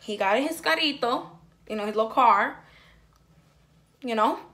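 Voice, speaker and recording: A young woman recounts a story to her viewers, talking animatedly and full of fillers. Her voice sits a little high and comes across bright and forceful. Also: normal speed. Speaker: vlogger. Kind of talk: storytime vlog.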